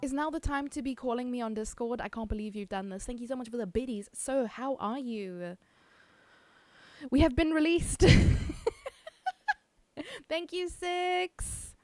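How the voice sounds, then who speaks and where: A woman's voice: a little high, animated, moderate pace, darkish tone, no echo, faint music behind. A woman streaming live, chatting casually, reading chat aloud and laughing often.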